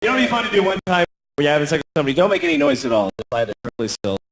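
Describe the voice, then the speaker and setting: A man's voice: big pitch swings, very fast, fairly bright tone. An American man doing a crude, self-deprecating stand-up comedy routine, acting out voices. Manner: crude, self-deprecating, acts out voices with big pitch swings.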